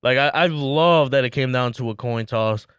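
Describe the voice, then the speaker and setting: A man's voice: mid-range voice, a bit bright, clear, resonant tone, dry recording, clean studio sound. Wry, resigned man. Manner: resigned, wry, halting with restarts. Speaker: podcast co-host. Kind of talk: casual sports chat.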